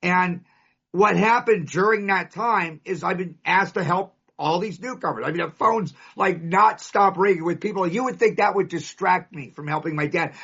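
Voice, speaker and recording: Dull lo-fi audio captures a Californian man with a high, somewhat bright voice carrying a breathy edge. He addresses a live recovery meeting with an emphatic, story-driven share built around punchy lists.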